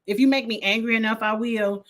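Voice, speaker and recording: A woman, reviewing a reality show in a blunt, animated casual livestream chat with frequent laughter. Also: on the high side, fairly quick. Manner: blunt, animated, laughs often, uses slang.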